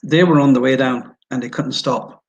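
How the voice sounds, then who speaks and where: A man's voice: medium pitch, fairly even intonation, moderate pace, dull audio. A Scottish man, a guest on an interview show, candidly telling personal stories in a frank, self-deprecating way. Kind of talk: candid storytelling in conversation.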